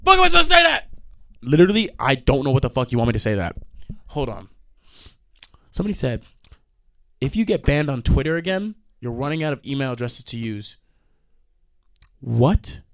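A young man hosting a solo podcast, ranting in an animated, exasperated way and swearing often. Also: medium pitch, moderate pace, creaky, long pauses, dry recording, clean studio sound. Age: young adult. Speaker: podcast host.

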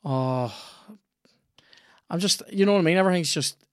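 A man's voice: on the high side, normal speed, no echo, studio quality. A man hosting a podcast, chatting casually and swearing as he rambles and reacts aloud to a video game he is playing. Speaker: podcast host.

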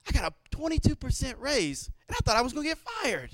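A man in his thirties preaching a sermon in church, telling stories and acting out quotes with lively energy. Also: very high voice, fast, no echo. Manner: animated storytelling with acted-out quotes. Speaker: pastor.

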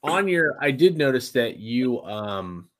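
A man co-hosting a podcast, asking questions in a halting, searching way. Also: medium pitch, sing-song, fairly bright tone. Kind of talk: casual podcast interview.

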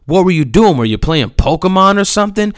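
A man's voice: on the high side, sing-song, normal speed, voice pushed up. A man voicing a blunt, dismissive middle-aged driver who fires accusing questions.

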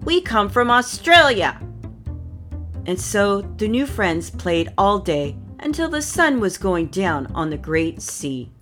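Female storyteller, slow and lively, children's book reading. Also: fairly low pitch, faint music behind. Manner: expressive, slow.

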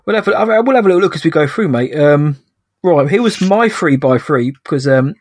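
A man's voice: a little high, lively intonation, moderate pace, no room sound, clean studio sound. A young man co-hosting a podcast in casual, laughing banter. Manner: jokey, laughs often, banter. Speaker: podcast co-host. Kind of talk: casual chat.

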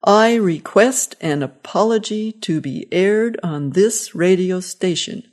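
A fussy, indignant elderly man grumbles his complaints, voiced by a woman reading a storybook aloud. The voice sits on the low side for a woman and stays plainly read rather than heavily acted. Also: expressive, slow pace, a little mellow. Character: cranky elderly father-in-law, indignant and confused.

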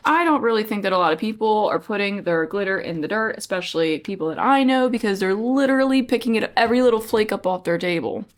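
A woman's voice: medium pitch, animated, quick pace, hardly any pauses. A woman co-hosting a casual craft podcast, reading articles aloud in a playful, teasing way and stumbling over hard words. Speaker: podcast co-host.

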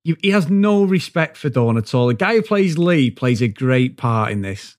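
A man's voice: medium pitch, big pitch swings, moderate pace, a little mellow. A man co-hosting a podcast, chatting casually about a comedy series, laughing and swearing often as he acts out scenes. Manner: laughing, swearing, acting out quotes. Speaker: podcast co-host. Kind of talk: casual chat.

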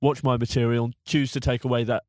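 A man's voice: medium pitch, little pitch movement, quick pace, no room sound, clean studio sound. A young man, a stand-up comedian, answering hesitantly in a comedy podcast chat.

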